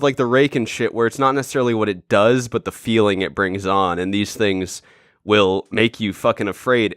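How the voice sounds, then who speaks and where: A young American man co-hosting a podcast, chatting casually and animatedly, swearing and doing loud mock howls. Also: mid-range voice, no room sound, clean studio sound. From United States. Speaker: podcast co-host. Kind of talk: casual chat.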